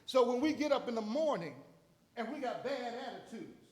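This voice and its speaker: Man, high voice, church sermon, dramatic, acts out voices, rising to shouts. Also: expressive, moderate pace. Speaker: minister. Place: church sanctuary.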